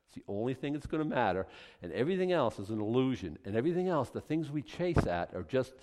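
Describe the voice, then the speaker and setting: A man preaching a sermon, acting out conversations in an animated, building delivery. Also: mid-range voice, fast, slight background noise. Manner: animated, acts out dialogue with rising intensity.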